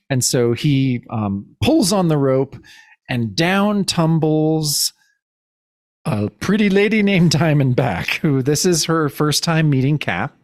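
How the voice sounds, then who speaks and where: A man joins a podcast as a guest and recaps a comic in a casual, giggly way. He keeps tripping into restarts as he talks. His voice sits at a middling pitch and sounds dry and close to the mic. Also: lively intonation, measured pace, no echo. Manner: laughs often, stumbling restarts.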